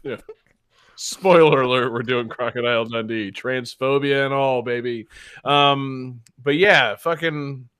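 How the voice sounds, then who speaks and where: A man's voice: medium pitch, measured pace, fairly bright tone, clean tone, no room sound, studio quality. A man hosting a podcast in a casual, joking chat, swearing freely. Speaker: podcast host.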